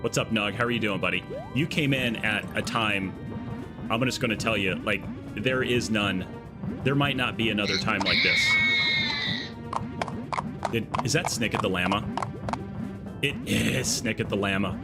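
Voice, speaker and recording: Low-voiced jokey male streamer. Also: moderate pace, long pauses, loud music behind the voice. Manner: jokey, riffing excitedly with chat. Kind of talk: casual live-stream chat while playing.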